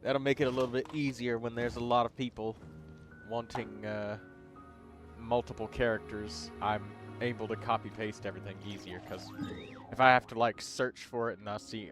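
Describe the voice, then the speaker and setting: A man hosting a game livestream in relaxed, rambling casual chat, with many fillers. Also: lowish voice, moderate pace. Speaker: livestream host. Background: game music.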